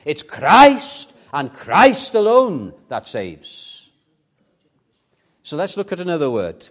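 Pastor preaching, fervent, goes quiet then really loud, slightly higher voice. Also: male voice, wildly swooping pitch, slow. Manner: fervent, rising to loud emphatic peaks, dropping to soft asides. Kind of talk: sermon. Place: church.

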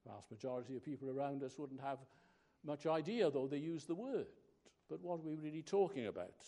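A man preaching a sermon, slow and emphatic, pausing between phrases. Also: on the high side, expressive, mellow.

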